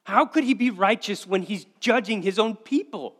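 A male pastor preaching a sermon, earnest and repeating key phrases for emphasis, often slowing to a quiet stress. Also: high-pitched.

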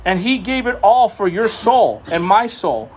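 A young man delivers a sermon in a high, light voice. He preaches in a conversational way, mixing Scripture with humorous family asides. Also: big pitch swings, a little slow, slightly rough. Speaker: pastor.

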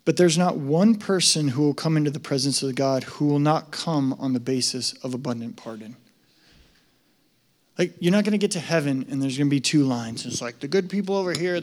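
A male pastor preaching a sermon in a conversational, emphatic way that rises to loud excitement. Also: on the high side.

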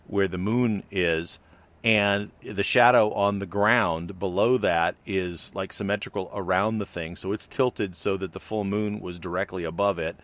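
A man's voice: deep voice, fairly even intonation, a little slow, fairly bright tone. A middle-aged man co-hosting a podcast, chatting casually and rambling with many fillers and restarts. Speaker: podcast co-host. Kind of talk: casual chat.

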